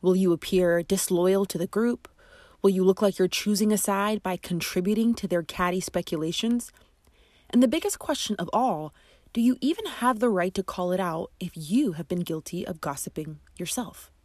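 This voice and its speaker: A woman's voice: medium pitch, normal speed, darkish tone, dry recording, clean studio sound. A woman hosting an advice podcast as a friendship coach, talking in a chatty, emphatic way with asides. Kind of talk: scripted podcast narration and advice.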